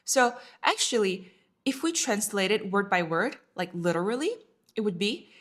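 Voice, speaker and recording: A woman's voice: medium pitch, animated, a bit bright. A woman teaching a beginner Chinese class, patiently repeating each word and checking in with her learners. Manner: patient, repeats words slowly. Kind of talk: language lesson.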